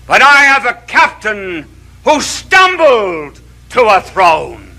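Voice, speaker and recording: A man's voice: sits high, very animated, slow pace, pushed and bright, rough recording. A man, a bishop, giving a televised sermon in a studio, orating through long runs of rhetorical questions.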